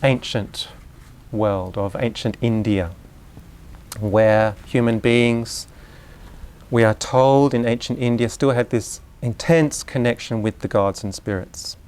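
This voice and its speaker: Man giving a relaxed, chatty lecture. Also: medium pitch. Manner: conversational, unhurried, with asides and questions to the audience. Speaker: lecturer on Waldorf education. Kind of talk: live lecture to an audience. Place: live lecture venue.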